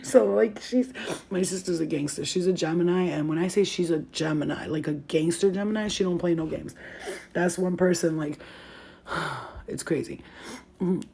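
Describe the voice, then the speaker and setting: Gravelly-voiced woman telling stories, swearing. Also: fairly low pitch, moderate pace, a little hiss or hum. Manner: animated, slangy, swears freely. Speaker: vlogger. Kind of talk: casual storytelling to camera.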